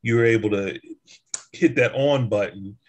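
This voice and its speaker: Husky-voiced man reflecting as host. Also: fairly low pitch, normal speed. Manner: reflective, affirming, lots of restarts. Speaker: podcast host. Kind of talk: casual chat.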